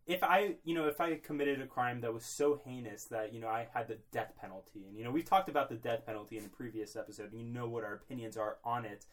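A man's voice: medium pitch, fast, few pauses. A young man co-hosting a podcast in a small closet, rambling mock-seriously with lots of filler words. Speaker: podcast co-host. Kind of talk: comedic casual chat.

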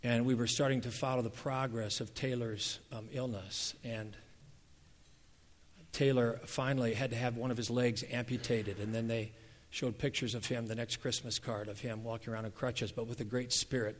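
A man delivers a sermon as a pastor, his voice sitting in an ordinary middle register. He swings between loud, emphatic peaks and soft, hushed stretches. The sound carries a long reverb, as if recorded in a big sanctuary. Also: mid-range voice. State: emotional, near tears. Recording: reverberant hall.

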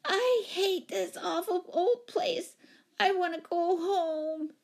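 A woman voicing a tearful little girl who wails and shrieks, high and drawn out. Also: vocal fry, exaggerated voice. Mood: wailing. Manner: wailing, drawn-out cries. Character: small girl, tearful and bawling.

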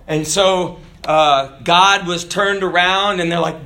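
A man preaching a sermon, telling jokes and stories, with sudden shouted lines. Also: high-pitched, unhurried. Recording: echoey room.

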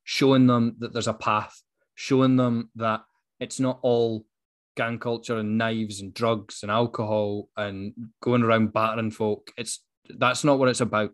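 A man's voice: fairly low pitch, level tone, unhurried. Man, Dundee Scottish accent, podcast co-host, casual chat, earnest, lots of ums. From Dundee, Scotland. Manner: earnest, passionate, with frequent ums.

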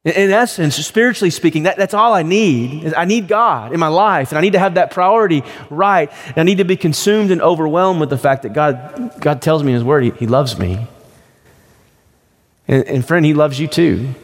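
A man's voice: on the high side, expressive, moderate pace. Man preaching in a reverberant church. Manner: conversational storytelling preacher. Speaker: pastor. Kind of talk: sermon.

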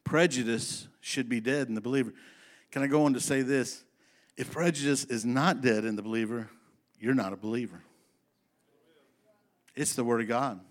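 A man's voice: mid-range voice, normal speed, long pauses. Folksy, emphatic male preacher. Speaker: pastor. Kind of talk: sermon.

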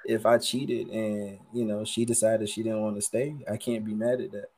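A man's voice: fairly low pitch, level tone, normal speed, darkish tone, slightly rough. A man co-hosting a casual podcast chat, talking in a hesitant, hedging way. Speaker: podcast co-host.

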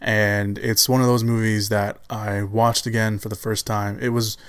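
A man's voice: lowish voice, flat delivery, normal speed, clear, resonant tone, dry recording. A man hosting a solo film podcast in casual chat, rambling with restarts and fillers, laughing now and then as he enthuses. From Chicago area, USA. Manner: enthusiastic about films, laughs often. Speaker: podcast host.

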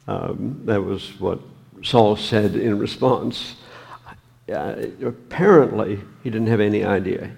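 A man preaching a sermon, reading scripture and reflecting on it slowly, with many pauses and ums. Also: fairly low pitch, creaky, a little mellow, breathy edge.

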